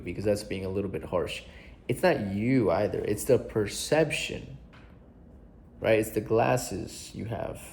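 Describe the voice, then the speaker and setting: A young adult man talks straight to camera in a casual self-help vlog. His voice sits a little low, and he speaks earnestly and bluntly, swearing freely and circling back over his points to drive them home. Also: gravelly, a little mellow, slight background noise.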